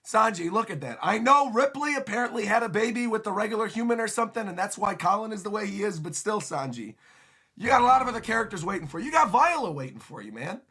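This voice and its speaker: Excitable man with a gravelly voice. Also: high-pitched, fast. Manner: excitable, laughing, animated commentary. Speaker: streamer reacting to a manga chapter. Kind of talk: livestream manga reaction.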